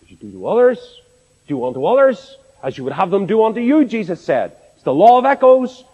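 Animated Northern Irish preacher, echoey hall. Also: male voice, high voice, muffled recording. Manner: expressive, rhetorical questions to the congregation. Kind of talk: sermon. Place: large assembly hall.

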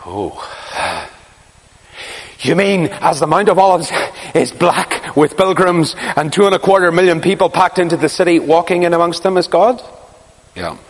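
A man preaching a sermon, telling a story dramatically, swinging from hushed asides to crying out. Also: on the high side, moderate pace. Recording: long hall reverb.

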